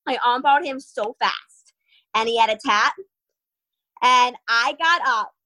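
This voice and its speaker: A young woman, a fighter, telling stories in a casual interview, animated, laughing often and acting out what people said. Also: fairly high pitch, a little slow, poor audio. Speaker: guest fighter.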